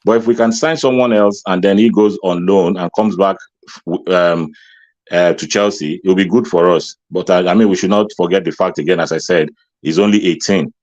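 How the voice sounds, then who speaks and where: A man speaking as a guest on a casual live stream, laying out his views with "um" pauses. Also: low voice, darkish tone, dry recording, lo-fi sound. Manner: measured, reasoned speech with "um" pauses. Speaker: guest commentator. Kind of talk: casual chat.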